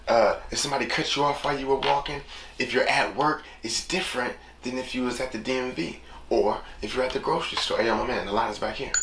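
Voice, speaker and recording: A man hosts a solo podcast in a loose, rambling way, acting out other people's lines as he goes. his voice sits at an ordinary pitch. the room is echoey, with steady noise in the background. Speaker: podcast host. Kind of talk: casual solo podcast monologue.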